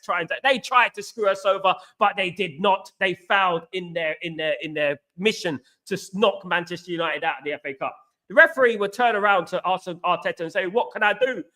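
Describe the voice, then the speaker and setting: A man from East London with a Cockney accent, hosting a live football reaction chat, excitable and greeting viewers by name while repeating his stock phrases. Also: high voice. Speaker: host of a football reaction livestream.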